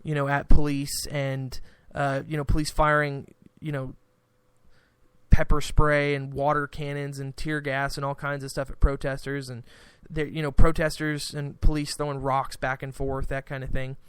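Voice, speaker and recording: A man's voice: medium pitch, completely flat delivery, moderate pace, fairly bright tone, clear, resonant tone, no room sound. A man hosting a podcast, rambling through casual political commentary with frequent restarts. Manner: rambling, restarts, acts out quoted exchanges. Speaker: podcast host.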